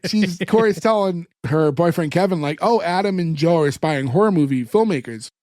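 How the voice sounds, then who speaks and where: Guy with a high voice retelling a tv episode, lots of "like", dry close mic. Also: brisk, no room sound. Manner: animated retelling, acts out characters' lines, fillers like "like". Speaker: podcast co-host recapping an episode. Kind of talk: casual chat.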